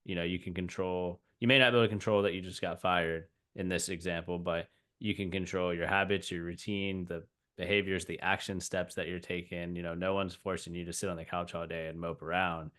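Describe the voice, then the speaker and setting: A man's voice: low voice, little pitch movement, fairly quick, hardly any pauses, fairly bright tone. A man hosting a podcast interview, talking casually and agreeably with many fillers. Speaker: podcast host.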